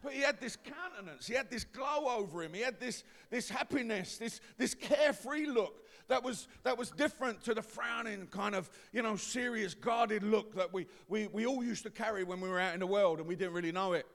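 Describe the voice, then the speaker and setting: A high-voiced man with an East London accent preaches his testimony from a pulpit, his words ringing in a long hall reverb. He drops to a low confiding murmur, then climbs into full-throated shouts. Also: brisk, hardly any pauses. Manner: swings from quiet confiding to loud shouting. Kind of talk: testimony sermon.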